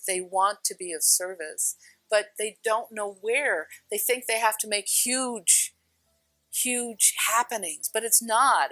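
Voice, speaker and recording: A middle-aged woman spiritual teacher telling stories in a casual, animated way, laughing often and shifting her pace. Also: mid-range voice, no echo. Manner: animated storyteller, laughs often, speeds up and slows down.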